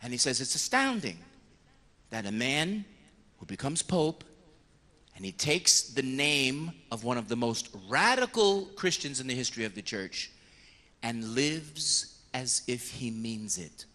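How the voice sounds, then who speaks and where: A priest giving a lively sermon on confession, acting out penitents and priests in short voices. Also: male voice, medium pitch, normal speed, long reverb tail. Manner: animated storyteller, slipping into voices of penitents and priests.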